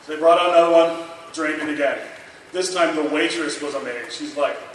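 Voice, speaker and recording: A man in his thirties telling a lively anecdote at a convention panel, acting out the dialogue and laughing often. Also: fairly high pitch, brisk. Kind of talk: storytelling at a memorial panel. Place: large convention hall. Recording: echoey hall miked from far, noisy.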